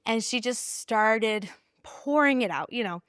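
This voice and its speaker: A woman guest telling an earnest personal story in a casual interview, laughing often and animated in her retelling. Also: fairly high pitch, measured pace, dry recording, studio quality. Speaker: pregnancy center staff guest.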